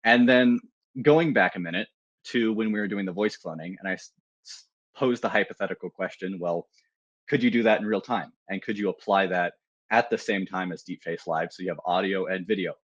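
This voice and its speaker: Low-voiced man giving a casual tech demo. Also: fairly quick, no room sound, dull audio. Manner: casual, loose, with many fillers and restarts. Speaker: security researcher presenting a tool. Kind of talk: live technical demo talk.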